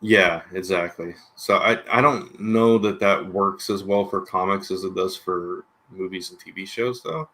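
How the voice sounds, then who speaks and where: A man's voice: deep voice, a little slow, hardly any pauses, pushed and bright. A man co-hosting a casual livestream podcast, rambling and hesitant with lots of filler. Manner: rambling, hesitant, full of "you know". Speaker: comic book podcast co-host.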